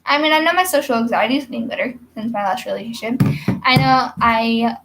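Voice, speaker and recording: A woman's voice: a little high, brisk, noisy background. A young woman talking casually to camera in a rambling, hyper vlog monologue with giggly asides. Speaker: vlogger.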